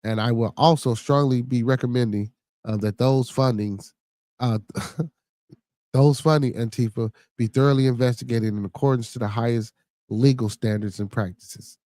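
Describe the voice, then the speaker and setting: A man's voice: mid-range voice, steady tone, moderate pace, mellow, no room sound. A man with a Chicago accent hosting a podcast, chatting casually in a rambling, profane way and reading news stories aloud. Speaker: podcast host.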